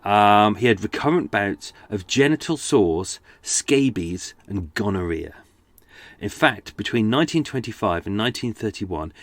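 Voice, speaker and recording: A man chats his way through a true-crime podcast, wandering into jokey asides. His voice sits fairly low and sounds dry and close to the mic. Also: dry recording. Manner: chatty, jokey, rambling asides. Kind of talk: casual chat.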